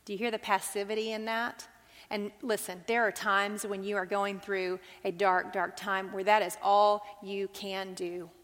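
A woman's voice: medium pitch, level tone, normal speed, fairly bright tone. An earnest woman leads a Bible study, putting questions to her group. Her voice sits in a middle register and rings out with the long reverb of a big hall.

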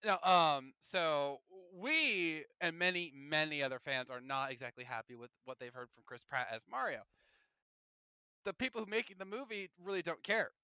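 A man co-hosting a gaming podcast in a casual, opinionated ramble. His voice sits a bit high and rings bright and smooth. The recording is close and dry, with no room sound. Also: moderate pace, no room sound. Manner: chatty, opinionated, animated asides. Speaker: podcast host.

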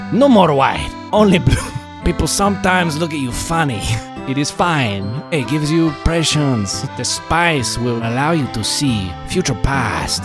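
A man voicing a smooth male spice merchant in a mock French accent, selling with a drawn-out, crooning pitch.

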